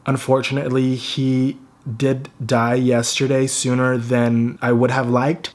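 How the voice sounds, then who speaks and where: Young man, personal vlog, grief-stricken, stuttering and halting, close to tears, mid-range voice. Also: mid-range voice. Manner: grieving, halting, with a stutter and repeated words. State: fighting back tears. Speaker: vlogger.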